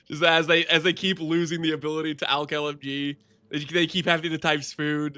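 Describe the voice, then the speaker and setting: Male game streamer, bright and sharp tone, a bit high-pitched, teasing banter with chat. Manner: excitable, teasing, quick to laugh and banter with chat. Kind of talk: casual live gameplay commentary to chat.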